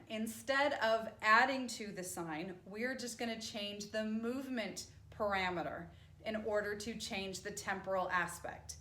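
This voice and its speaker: A woman's voice: fairly high pitch, a bit bright. A woman teacher explaining grammar in a patient lecture, often checking in with "right?". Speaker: sign language teacher. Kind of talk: classroom lecture. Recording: echoey room.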